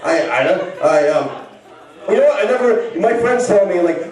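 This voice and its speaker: A man doing a stand-up set in a bar, high-pitched and lively, stammering and rambling before he breaks into shouting. He is recorded from far back in a very echoey room, with a crowd laughing around him. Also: unhurried. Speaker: stand-up comedian. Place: bar stage with live audience.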